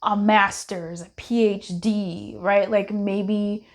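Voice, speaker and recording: A young woman giving a casual, playful tarot card reading, chatty and quick to laugh, calling her viewers babe. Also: medium pitch, steady tone.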